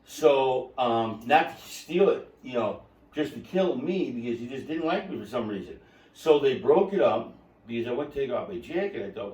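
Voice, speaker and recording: A man hosting a podcast, telling a story in a lively, laughing way and acting out quotes. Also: mid-range voice, moderate pace. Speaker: podcast host. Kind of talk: casual storytelling chat. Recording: roomy, distant mic.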